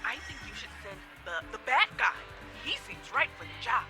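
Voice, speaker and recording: A woman's voice: a little high, lively intonation, moderate pace, over music. An actress playing a playful, teasing female caller in a video game.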